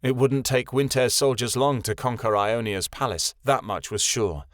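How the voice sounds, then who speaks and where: Male audiobook narrator, mid-pitched, steady storytelling, dry close recording. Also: normal speed, no room sound. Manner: steady storytelling, voices every character. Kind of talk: scripted fantasy narration.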